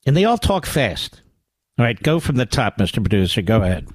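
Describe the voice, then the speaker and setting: A man's voice: very animated, fairly quick, husky, no room sound. Combative sarcastic talk radio man. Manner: swings from low growls to high exclamations. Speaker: radio talk show host. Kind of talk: political talk radio monologue. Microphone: studio microphone.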